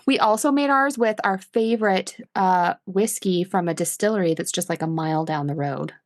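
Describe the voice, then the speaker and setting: A woman's voice: lowish voice, normal speed, no room sound. Chatty woman podcast host, dry sound. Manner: chatty, rambling, laughs easily. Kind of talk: casual chat.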